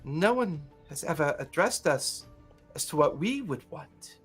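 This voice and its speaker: A regal underwater matriarch presides from her throne, voiced by a man running the game. She speaks in a formal, measured and commanding manner, cool and aloof. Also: a little high, very animated, a bit bright, slightly rough, faint music behind, full character voice.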